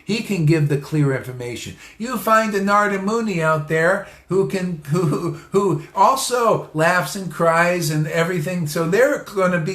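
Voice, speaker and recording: A man's voice: high-pitched, a bit bright. A man giving an informal spiritual talk, repeating phrases for emphasis, laughing often and speaking straight to his listeners. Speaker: spiritual teacher. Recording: echoey room.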